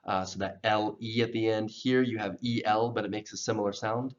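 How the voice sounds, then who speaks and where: A patient male teacher runs a pronunciation lesson, saying each word slowly and then repeating it several times. His voice sits on the lower side, and the recording sounds slightly dull and lo-fi. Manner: patient, drills words slowly and repeats them.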